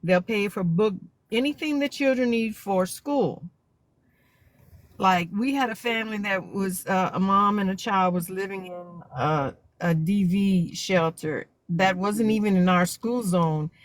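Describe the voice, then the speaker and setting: Woman, South Louisiana accent, teacher caller, calm explaining, dry sound. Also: mid-range voice, unhurried, no room sound. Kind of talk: explanatory call-in.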